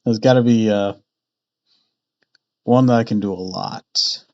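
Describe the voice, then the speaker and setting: A man streaming live, chatting casually and thinking out loud between frequent laughs. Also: fairly low pitch, fairly even intonation, unhurried. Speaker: streamer reading a novel aloud. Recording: dull lo-fi stream mic.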